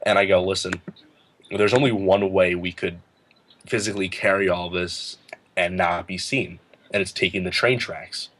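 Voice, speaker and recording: Teen male guest with a somewhat low voice, spinning an animated story with laughs. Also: moderate pace, a little hiss or hum. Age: late teens. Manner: animated, laughing, acts out quotes in a higher voice. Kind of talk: casual storytelling.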